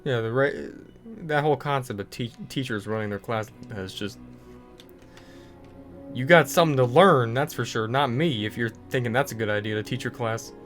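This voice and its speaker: A man's voice: medium pitch, normal speed, fairly bright tone, soft background music. A young man ranting casually over gameplay, full of fillers and restarts. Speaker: gaming video creator.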